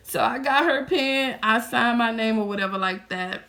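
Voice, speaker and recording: Animated, bright-voiced woman vlogger. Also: on the high side, normal speed, few pauses, faint music behind. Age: 30s. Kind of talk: casual storytelling to viewers.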